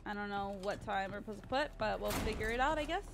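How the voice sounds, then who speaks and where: A woman streaming a horror game, chatting excitably, cursing a lot and shrieking when scared. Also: medium pitch, quick pace, creaky, noisy background. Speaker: gaming streamer. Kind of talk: live let's-play commentary.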